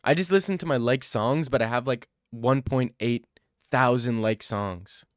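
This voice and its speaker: A man's voice: mid-range voice, unhurried, clear, resonant tone, no echo, studio quality. A young adult man streaming live, chatting casually and answering his viewers' questions in a laid-back, rambling way. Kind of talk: casual chat reading live chat.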